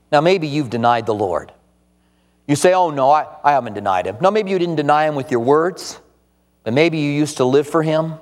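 A man preaches a sermon, his fairly high voice swinging widely in pitch as he tells the story. He acts out the quoted lines as he goes. His voice rings with the long reverb of a large hall. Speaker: pastor.

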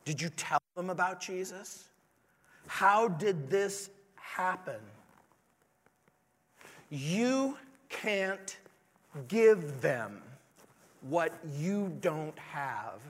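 Pastor, man, earnest sermon, slow and deliberate, high voice, long hall echo. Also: expressive, a bit bright. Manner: earnest preaching, pleading rhetorical questions.

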